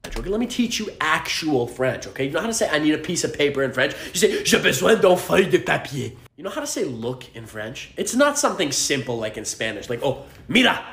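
A stand-up comedian rants with profanity and mockery, dropping into put-on voices to mimic others. The pitch moves widely and the sound is roomy, as if recorded on a stage. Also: very animated, quick pace, hardly any pauses, a bit bright.

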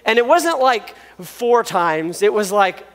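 A man preaching a sermon, telling a personal story in an animated, self-deprecating way and laughing often, recorded in a church auditorium. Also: sits high, takes it slowly, clear, resonant tone. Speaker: pastor. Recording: long reverb of a large hall.

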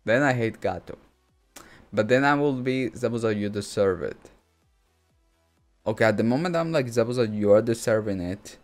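Excitable man reacting to anime. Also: medium pitch. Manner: excitable, rambling, breaks into laughs and exclamations. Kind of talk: casual reaction commentary.

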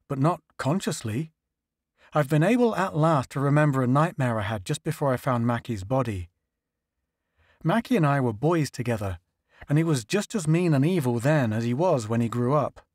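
A man voicing a troubled male spaceship astrogator in a low, subdued tone. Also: no room sound, studio quality, close to an everyday voice.

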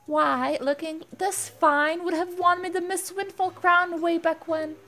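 A woman's voice: very high voice, fairly even intonation, measured pace, sharp tone, voice pushed up, full character voice. A woman voicing a vain older woman who was once a beauty queen, preening as she reads game dialogue.

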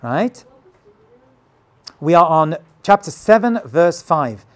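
Animated man teaching a scripture lesson. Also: on the high side, slow. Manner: dramatic, casual, retells scenes with acted quotes. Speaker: rabbi teaching.

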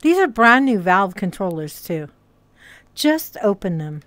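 A woman's voice: mid-range voice, very animated, measured pace, dry recording. A woman live-streaming from a VR headset, talking casually to her chat, muttering and swearing under her breath as she fiddles with settings. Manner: bright and greeting toward chat.

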